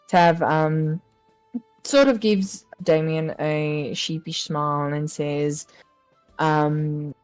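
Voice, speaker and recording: A woman player describes her character's moves in a tabletop game. She speaks slowly and hesitantly, with a lowish voice. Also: fairly even intonation, darkish tone, faint music behind. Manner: hesitant, unhurried.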